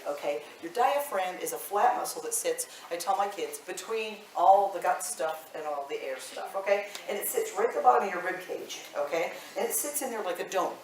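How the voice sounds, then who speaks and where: A woman's voice: lowish voice, animated, brisk, hardly any pauses. A woman voice teacher runs a live singing workshop, talking to the group in a chatty way and checking in with "okay?" after almost every point. She is recorded from across a large, echoey room, with a faint hiss underneath. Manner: chatty, ends phrases with "okay?". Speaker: voice teacher and choir director. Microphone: room mic at a distance. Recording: roomy, distant, faint hiss.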